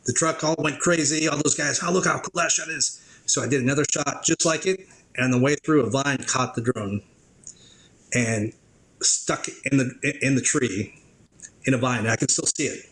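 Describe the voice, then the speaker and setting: Male guest with a mid pitch, a casual and animated storyteller. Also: normal speed, low-quality recording. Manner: animated storyteller who acts out others' reactions. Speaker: guest, drone operator.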